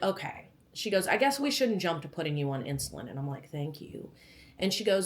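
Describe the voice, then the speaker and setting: A young pregnant woman talking casually to camera in a vlog. Her voice sits a little low for a woman. She tells stories with animation and acts out other people's lines. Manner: animated retelling, acts out quotes. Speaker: vlogger.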